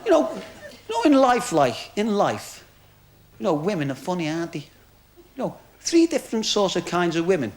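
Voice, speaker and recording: A man's voice: high voice, wildly swooping pitch, a little fast, darkish tone. A male stand-up comedian telling jokes in a chatty way, full of "you know" asides. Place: club stage before a laughing audience. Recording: crowd noise, noisy 1970s TV recording.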